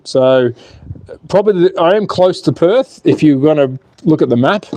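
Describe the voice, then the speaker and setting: Chatty Australian man, slightly higher voice. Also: animated, normal speed, darkish tone, a little hiss or hum. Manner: chatty and joking, reads viewer comments aloud. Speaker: slot car livestream host. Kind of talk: casual livestream chat.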